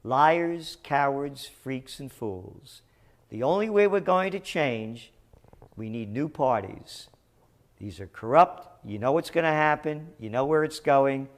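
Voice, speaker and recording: Slow, emphatic sarcastic man. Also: on the high side, animated. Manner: sarcastic, emphatic, deliberate delivery. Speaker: news commentary host. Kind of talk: opinionated news commentary.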